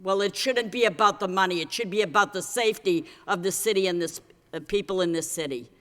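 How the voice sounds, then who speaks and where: A woman's voice: mid-range voice, a little fast, a bit bright. A city councilor giving an emotional, frustrated speech at a council meeting, stumbling over repeated words as she presses her point. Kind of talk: impassioned council floor speech. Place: council chamber. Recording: public meeting hall reverb.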